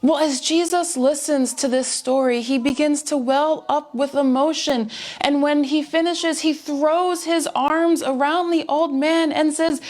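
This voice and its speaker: A woman telling jokes at a church service in a storytelling manner, with the occasional filler pause. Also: high voice, steady tone, darkish tone. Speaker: joke teller at a church service.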